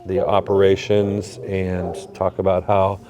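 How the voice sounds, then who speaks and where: A man's voice: low-pitched, monotone, a little slow, crowd noise. A man hosting a podcast on location at an animal shelter, chatting casually and often repeating his words as he goes. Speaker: podcast host. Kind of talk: casual interview.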